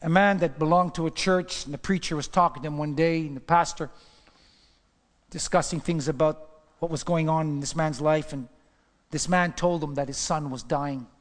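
A man preaching a sermon as pastor, passionate, swinging from loud calls down to hushed whispers. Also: on the high side, steady tone, normal speed, long reverb tail. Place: church.

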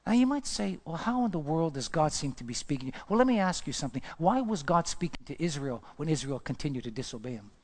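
A male pastor telling his life story in a sermon, chatty and animated, asking the crowd questions and often restarting his sentences. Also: fairly high pitch, fast, hardly any pauses. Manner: storytelling, animated, asks the audience questions, repeats himself. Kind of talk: testimony sermon.

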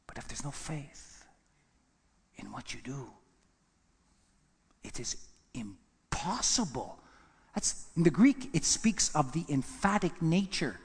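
A man preaching a sermon as pastor, emphatic, repeating words and swinging between loud and hushed lines. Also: high voice, breathy edge, long reverb tail. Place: church.

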